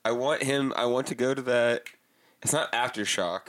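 A man's voice: medium pitch, normal speed, fairly bright tone. A man co-hosting a podcast in casual chat, joking, swearing and laughing through his words.

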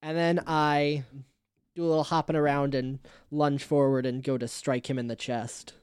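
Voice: medium pitch, flat delivery, normal speed, darkish tone, clear, resonant tone, no room sound. A tabletop player casually stating actions and dice rolls with an easygoing, joking manner.

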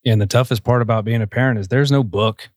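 A reflective man chatting on a podcast, earnest and a bit self-deprecating. His voice sits at a middle pitch. The recording is dry and close-miked. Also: fast talker, dry recording. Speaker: podcast co-host. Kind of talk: casual podcast chat.

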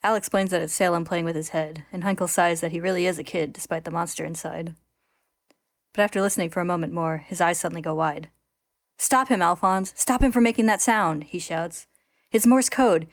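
Wry woman recapping a story, low and dry. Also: no echo. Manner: wry, sarcastic storytelling with frequent laughs. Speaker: podcast host recapping a manga. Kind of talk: casual recap narration.

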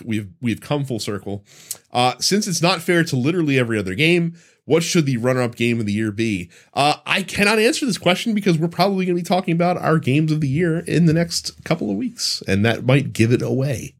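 A man's voice: on the high side, a little fast. A man hosting a casual podcast who chats loosely and laughs often. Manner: laughs often, lively and chatty. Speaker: podcast host.

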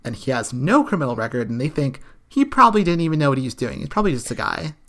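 A woman's voice: rumbling low, sing-song, fast, a bit bright. A woman co-hosting a podcast, casually recapping a TV episode with sarcastic, profane asides. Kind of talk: casual chat.

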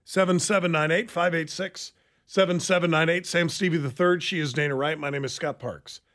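Brief: male radio host, casual and conversational, voice a touch higher than most men, studio mic. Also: fairly even intonation, brisk, fairly bright tone. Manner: conversational, reads news aloud with asides. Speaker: radio talk show host. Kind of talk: casual talk radio chat. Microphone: studio microphone.

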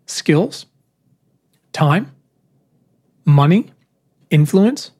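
A speaker giving a prepared keynote talk, with measured, rhetorical phrasing and emphatic pauses. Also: mid-range voice, a little mellow, breathy edge.

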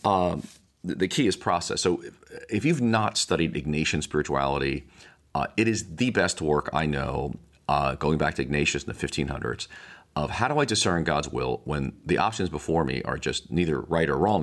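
An older man with a very deep voice talks as a pastor on his podcast. His tone is gravelly with a lot of fry. He teaches in a reflective, rambling way, often restarting his sentences. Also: animated, moderate pace, fairly bright tone. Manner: rambling, many restarts and asides.

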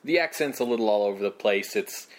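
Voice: mid-range voice, lively intonation, quick pace. A podcast co-host commenting on a film with dry, joking remarks in casual chat. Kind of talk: casual movie discussion.

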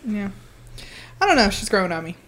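A woman's voice: mid-range voice, very animated, a little fast, a bit bright. A woman co-hosting a podcast in casual chat, hedging her opinions and laughing often. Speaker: podcast co-host.

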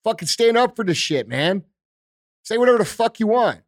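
A man's voice: high-pitched, sing-song, moderate pace, no echo, studio quality. Intense swearing man ranting on a podcast. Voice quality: intense, heavy swearing, repetitive rhetorical questions. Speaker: podcast host. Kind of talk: profane political rant.

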